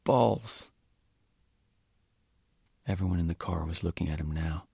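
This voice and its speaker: A man reading from his novel in a measured, quiet way, at times almost whispering. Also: deep voice, flat delivery, vocal fry, breathy edge, dry recording. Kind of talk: audiobook-style reading.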